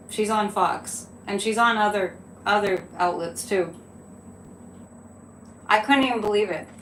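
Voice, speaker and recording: A woman's voice: mid-range voice, a bit bright, slight background noise. A woman hosting a psychic live stream, talking casually with frequent laughs and incredulous asides. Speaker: psychic livestream host. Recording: echoey room with faint ambience.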